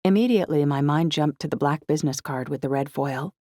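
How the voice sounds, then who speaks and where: An audiobook narrator reading a first-person novel in a reflective, even storytelling manner. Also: medium pitch, a little fast, no room sound, studio quality.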